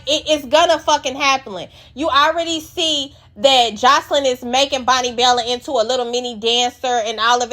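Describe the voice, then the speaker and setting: A woman's voice: high voice, a bit bright. A woman host giving a blunt, profane, emphatic recap of a reality show episode. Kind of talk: casual recap commentary.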